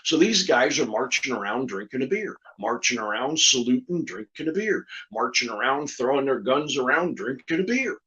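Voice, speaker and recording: A ventriloquist telling a comic story in a chat, a lively storyteller who repeats lines for effect. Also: male voice, medium pitch, normal speed, few pauses. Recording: slightly dull lo-fi audio.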